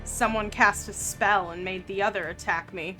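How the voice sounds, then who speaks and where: A woman's voice: medium pitch, fairly even intonation, normal speed, sharp tone, soft background music, pitched below the performer's own voice, lightly acted, low-quality recording. A woman voicing a suspicious, aggressive female werewolf pack leader in a tabletop game. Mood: accusing. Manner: curt, suspicious.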